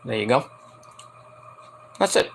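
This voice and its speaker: A man's voice: slow pace, a little hiss or hum. A man giving a casual, rambling spoken review with lots of fillers and swearing. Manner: rambling, profane, with many fillers. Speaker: wrestling show reviewer.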